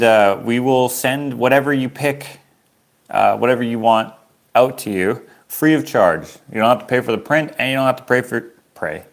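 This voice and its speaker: A man from Canada, an artist chatting casually and rambling on a livestream while selling his prints. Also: mid-range voice. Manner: rambling, easygoing, chuckles at himself.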